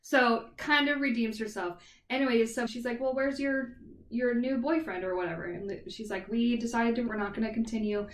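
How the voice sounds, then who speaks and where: Woman podcast co-host, slightly high, chatty plot recap, roomy echo. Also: steady tone, a little fast, a little hiss or hum. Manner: chatty retelling full of "like" and "kind of thing". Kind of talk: casual book review chat. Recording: echoey room, far from the mic.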